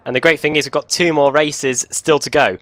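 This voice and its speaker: A man commentating sim racing who briskly reads out starting positions. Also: fairly high pitch, steady tone, a bit bright, no echo. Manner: brisk, reads out lists of names. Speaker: race commentator.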